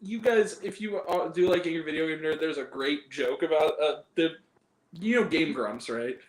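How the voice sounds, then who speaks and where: A man's voice: on the high side, normal speed, roomy sound, low-quality recording. A young man hosting a casual movie review chat, rambling, laughing often and cracking crude jokes.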